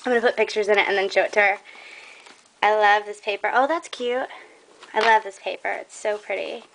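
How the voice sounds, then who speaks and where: A woman's voice: mid-range voice, steady tone, brisk, gravelly, fairly bright tone, slight background noise. A young woman showing off a craft trade in a casual vlog, gushing and admiring, a bit out of breath.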